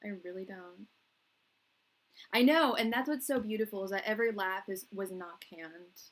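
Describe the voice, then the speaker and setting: A woman's voice: mid-range voice, animated, fairly quick, low-quality recording. A young woman chats loosely with her live-stream viewers, rambling from one thought to the next. Her talk is slangy and easygoing, and she laughs often between remarks. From England. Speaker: tarot reader hosting a live stream.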